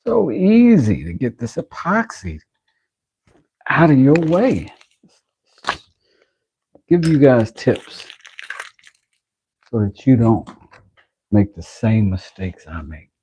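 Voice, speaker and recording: A man's voice: medium pitch, sing-song, slow pace, long pauses, warm tone, husky. A man talking to himself and his viewers while working on a project, rambling and joking as he goes. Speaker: maker filming his workshop. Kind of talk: casual workshop vlog.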